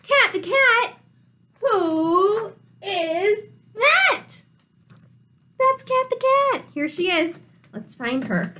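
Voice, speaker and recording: High, lively woman reading to kids. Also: unhurried. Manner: animated, gasping, talks to young children. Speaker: teacher. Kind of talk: children's picture-book read-aloud.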